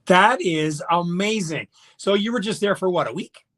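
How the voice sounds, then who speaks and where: A man hosting a casual radio chat show, animated and joking, reacting quickly to his guest. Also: high-pitched. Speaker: radio host. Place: radio studio.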